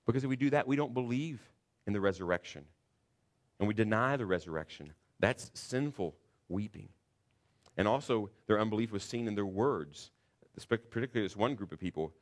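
A man preaching a sermon in a church, earnest and building to loud, emphatic passages. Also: on the low side, animated, fairly quick. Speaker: pastor.

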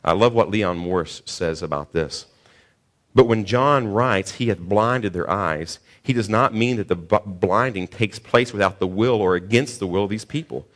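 A man's voice: on the low side, moderate pace, a bit bright. A male pastor preaching a sermon on a scripture passage, earnest, often stumbling and repeating words before pushing to emphatic questions.

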